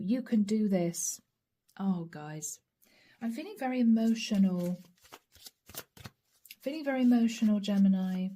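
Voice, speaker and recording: Mellow-voiced woman giving a tarot reading. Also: mid-range voice, a little hiss or hum. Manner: intimate, repetitive, addresses the listener directly. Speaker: tarot reader.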